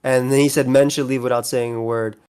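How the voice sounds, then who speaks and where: A man's voice: mid-range voice, little pitch movement, fairly quick, a little mellow, clear, resonant tone. A man on a podcast, retelling a scene in eager detail with lots of restarts. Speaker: podcast host. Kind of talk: casual chat.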